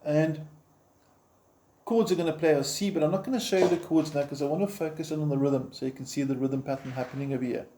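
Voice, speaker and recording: Informal male guitar teacher, dark and mellow tone, slightly high voice, counts beats aloud, roomy echo. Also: fast, a little hiss or hum. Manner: encouraging, informal. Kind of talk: step-by-step instruction. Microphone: camera framing the guitar.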